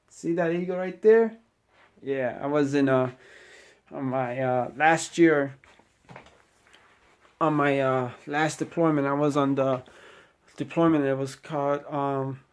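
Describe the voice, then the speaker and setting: A man's voice: a little high, a little mellow. A middle-aged man, a Navy sailor, giving a casual motivational talk to the camera, preachy and rambling with lots of "you know" asides. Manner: preachy, exhorting the viewer directly.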